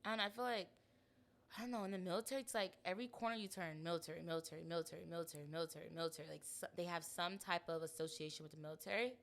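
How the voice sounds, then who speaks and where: A woman's voice: on the low side, steady tone, racing, fairly bright tone. A young woman co-hosting a podcast in casual chat, blunt and slangy, laughing often. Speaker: podcast co-host.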